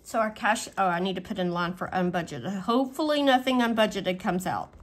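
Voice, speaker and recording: A woman's voice: mid-range voice, fairly quick. A woman in a casual vlog, chatting through her weekly budget and thinking aloud with frequent fillers. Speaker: budgeting vlogger.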